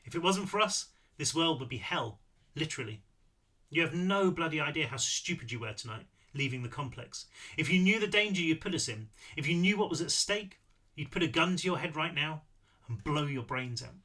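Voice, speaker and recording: A man's voice: a little high, animated, a little fast, pushed and bright. A man doing a hard-bitten, threatening veteran. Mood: stern, angry. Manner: harsh, threatening. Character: hard, battle-worn British man, stern and threatening. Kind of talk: audiobook read-through.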